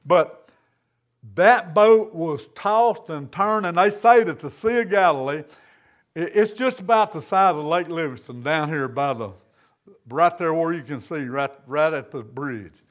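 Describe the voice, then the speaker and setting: Preacher guy, pretty high voice, chatty folksy sermon in church. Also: measured pace. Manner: folksy, conversational preaching with Southern phrasing. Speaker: pastor.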